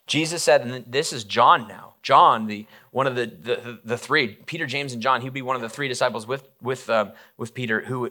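A man's voice: medium pitch, pushed and bright. A man preaching a casual, conversational sermon, retelling a story with acted-out quotes and frequent restarts. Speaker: pastor.

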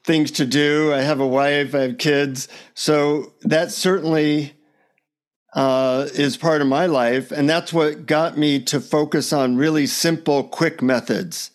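A man speaks as a podcast guest over a remote call. His voice is fairly high for a man. He tells anecdotes in an animated way and often chuckles. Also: slow. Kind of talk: casual storytelling interview.

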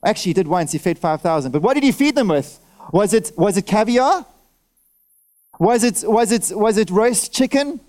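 A preacher with a notably high voice delivers a sermon at a church service. He asks his listeners question after question and checks they are with him, calling for nods and amens. He speaks through a face mask. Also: moderate pace. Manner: animated, fires off rhetorical questions at the congregation.

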